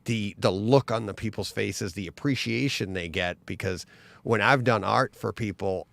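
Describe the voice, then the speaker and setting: A man in casual podcast chat, telling an animated story and acting out other people's lines. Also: on the low side, moderate pace, vocal fry, no room sound.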